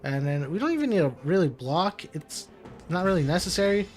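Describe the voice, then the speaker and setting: A gaming commentator with a high-pitched, expressive voice talks fairly quickly over soft background music. In casual let's-play commentary on his own card game, he talks himself through each move, muttering and laughing at setbacks.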